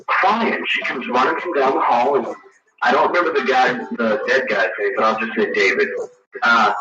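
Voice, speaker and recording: A man calling in to a radio show, telling a ghost story in a halting, rambling way and often searching for his words. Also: mid-range voice. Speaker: caller. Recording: dull, distant, echoey archival radio broadcast with loud music.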